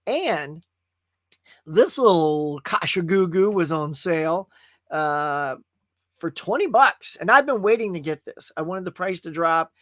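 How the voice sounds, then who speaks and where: A man's voice: a little high, animated, measured pace, no echo, studio quality. A man hosting a live movie chat stream, casual and folksy, chatting straight to his viewers. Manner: chatty and folksy, often calls viewers "y'all".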